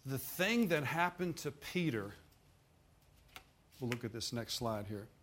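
A man's voice: mid-range voice, expressive, measured pace. Folksy preacher man. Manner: folksy, laughing, dramatic retelling with sudden loud bursts. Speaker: pastor. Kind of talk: sermon.

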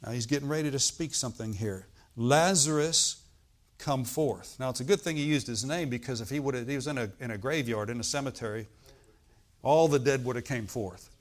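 A man preaching a sermon, reading scripture aloud and explaining it, swinging from loud bursts to quiet asides. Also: mid-range voice, fast. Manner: animated preaching, bursts loud on quoted lines then drops quiet; reads old-style scripture, asides with "all right?".

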